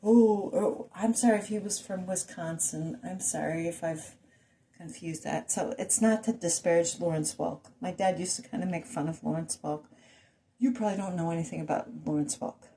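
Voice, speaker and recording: A woman's voice: fairly low pitch, moderate pace, warm tone. A woman ranting to her viewers in a rambling monologue full of rhetorical questions and asides. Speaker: vlogger.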